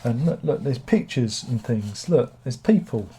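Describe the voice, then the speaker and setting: A man's voice: mid-range voice, animated, a little slow, dark tone, slight background noise. A man, hosting a casual book review channel, rambling with sardonic, self-mocking humor. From England.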